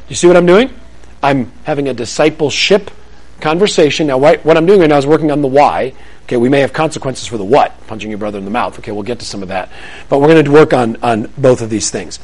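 A middle-aged man preaching a sermon, animated and acting out little dialogues. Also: mid-range voice, fast, poor audio. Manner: animated, acts out dialogues with rising excitement. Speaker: pastor.

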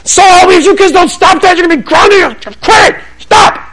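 Man putting on a shrill, fed-up mother, very high. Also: moderate pace, a bit bright. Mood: scolding. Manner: shrill, scolding. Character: exasperated mother scolding kids in public.

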